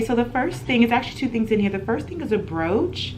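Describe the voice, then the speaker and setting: A young woman in her twenties telling an animated storytime in a home vlog, chatty and full of laughs. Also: a little high, fast, few pauses, highs cut off, background noise. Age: 20s. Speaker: vlogger.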